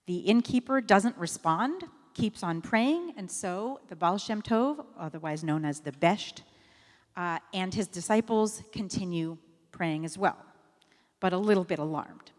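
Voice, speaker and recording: A woman's voice: fairly low pitch, expressive, measured pace. A woman rabbi giving a sermon in a synagogue, telling a story in a conversational way with fillers and self-corrections. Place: synagogue sanctuary. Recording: long reverb of a sanctuary.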